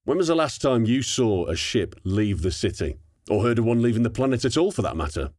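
A man voicing an eager young male soldier who talks with energetic, rapid conviction. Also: mid-range voice, dry recording, studio quality, pitched above the performer's own voice. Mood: fired up.

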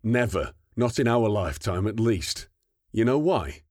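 A man voicing an eager young male soldier who talks with energetic, rapid conviction. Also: on the low side, dry recording, clean studio sound, voice pushed up. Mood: fired up.

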